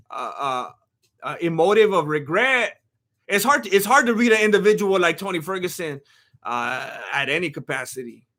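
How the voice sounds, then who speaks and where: Hyped guy doing live fight commentary, high bright voice, rambles and yells. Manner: excitable, rambling, many restarts, bursts of shouting. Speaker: live fight watch-along host.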